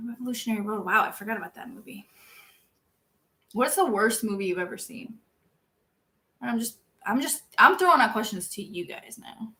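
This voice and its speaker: A young woman chatting casually with her viewers, self-deprecating and laughing often, jumping from loud outbursts to quiet mumbles. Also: fairly high pitch, animated, moderate pace, long pauses. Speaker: streamer reading viewer chat. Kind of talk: casual chat.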